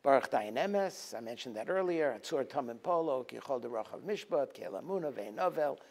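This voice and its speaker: Speaking briskly with vocal fry, a rabbi and lecturer delivers a Tisha B'Av teaching talk, bringing his stories to life by voicing the dialogue in a lively way. His delivery rises to forceful emphasis at times, then falls low.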